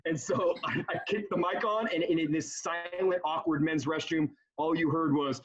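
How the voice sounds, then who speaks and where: A man who works as a basketball emcee, telling an embarrassing story in an animated, rambling way, often restarting his sentences. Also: on the high side, normal speed, few pauses. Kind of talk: casual storytelling on a panel. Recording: dull lo-fi sound.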